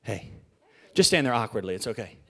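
A man's voice: lowish voice, sing-song, brisk, creaky, pushed and bright, slight background noise. A man preaching a casual, joking sermon from a church stage, chatty and playful, with stammered restarts and questions to the congregation.

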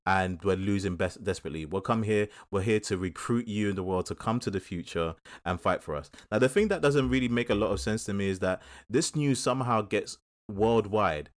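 A man's voice: lowish voice, a little fast. A man with a South East London accent, co-hosting a casual film review chat and acting out little quotes as he retells the plot. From England. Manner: animated storyteller, acts out quotes. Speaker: film podcast co-host.

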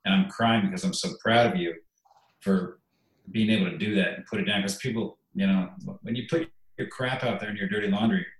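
A man's voice: on the low side, steady tone, a little fast, echoey room, poor audio. A man speaking as a guest in an interview, plainspoken and openly emotional, often repeating himself. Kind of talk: conversational interview.

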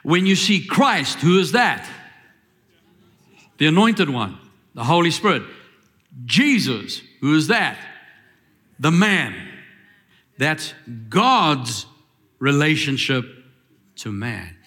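A man's voice: a little high, sing-song, takes it slowly, pauses often, bright, forceful tone. A man preaching a sermon, asking questions and calling for the congregation's answers, with rising emphatic lines. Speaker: pastor.

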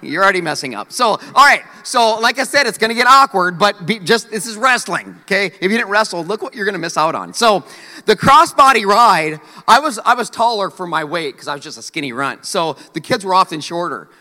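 A man preaching a sermon, telling a story in an animated, joking way. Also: high voice, a little fast, in a large hall. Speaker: pastor.

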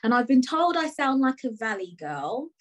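A British woman hosting a podcast in an easy, chatty manner, asking questions and padding them with fillers. Her voice is pitched slightly above the usual for a woman. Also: very animated, moderate pace, poor audio. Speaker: podcast host. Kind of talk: casual interview chat.

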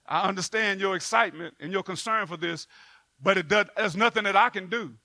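A man doing a calm, dismissive hen. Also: high-pitched, fairly quick, creaky, no echo, studio quality, voice pushed down, full character voice. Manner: soothing, brushing off.

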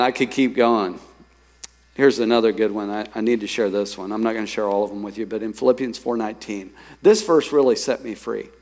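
A man preaching in a church, his voice sitting at an ordinary middle pitch. He reads verses and tells stories to the congregation in a lively, conversational way. His words carry a long reverb from the large hall around him. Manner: lively, quoting scripture and telling stories to the congregation. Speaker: pastor. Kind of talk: sermon. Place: church sanctuary.

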